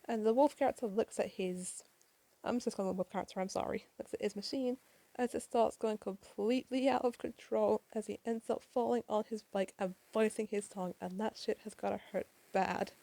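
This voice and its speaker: A woman's voice: medium pitch, steady tone, a little fast, vocal fry, dark tone, dry recording, low-quality recording. A woman casually reading a comic aloud, with chatty asides and the odd swear word. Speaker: comic reader. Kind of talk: casual comic read-along with commentary.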